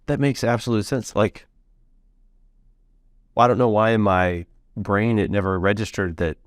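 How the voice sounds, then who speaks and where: A man hosting a podcast in casual interview chat, chatty and quick to laugh, with rambling asides. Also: on the low side, fairly even intonation, no room sound, studio quality. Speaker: podcast host.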